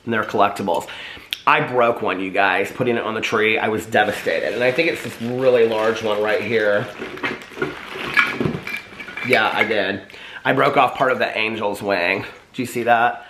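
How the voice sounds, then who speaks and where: A man vlogging casually to his viewers, chatty and animated, often asking them if they can see what he holds up. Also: fairly low pitch, echoey room, slight background noise. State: out of breath. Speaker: vlogger showing old Christmas keepsakes. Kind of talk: casual chat to camera.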